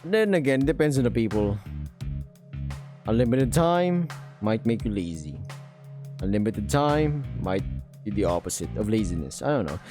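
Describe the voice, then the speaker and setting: A man's voice: mid-range voice, a little mellow. A man reading a visual novel aloud for his channel, mixing the narration with dry, joking asides.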